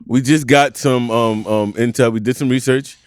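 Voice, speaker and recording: A man co-hosting a podcast, chatting casually in an animated, profane rant with frequent laughter. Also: mid-range voice, normal speed, no room sound, clean studio sound. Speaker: podcast co-host. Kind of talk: casual chat.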